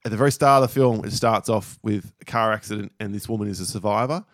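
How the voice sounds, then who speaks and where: A man co-hosting a casual podcast chat, a steady, detailed storyteller recounting film scenes. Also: on the low side, fast talker, no room sound, clean studio sound. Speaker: podcast co-host.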